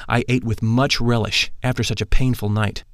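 A man narrating a first-person spiritual memoir in a measured, solemn reading style. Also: medium pitch, fairly even intonation, no echo, studio quality.

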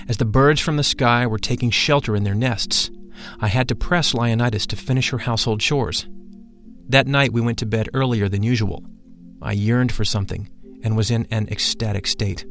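A man's voice: medium pitch, fairly even intonation, normal speed, fairly bright tone, faint music behind. Solemn male audiobook narrator. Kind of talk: first-person audiobook narration.

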